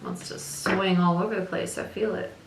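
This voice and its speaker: Her lowish, creaky voice swoops wildly in pitch at a moderate pace as she chews gum and gives a casual tarot reading. She's chatty, repeats herself, and keeps saying "like" and "right?", in an echoey room with heavy background noise.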